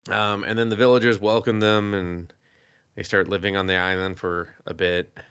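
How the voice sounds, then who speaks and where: A man's voice: fairly low pitch, lively intonation, measured pace, a bit bright, smooth, no echo, muffled recording. A man casually recapping an anime on a podcast, laughing often and swearing freely. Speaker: podcast co-host.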